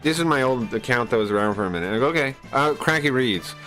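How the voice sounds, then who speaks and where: A man's voice: medium pitch, animated, fast, fairly bright tone, faint music behind, poor audio. A man on a live stream ranting casually. He swears a lot, sounds aggrieved and rambles with restarts.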